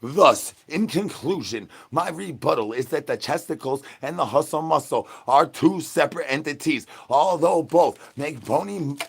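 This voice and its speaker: A man's voice: fairly high pitch, expressive, moderate pace, gravelly, few pauses, breathy edge. A young man talking into his phone on a live stream, rambling in a playful, sing-song way full of nonsense catchphrases.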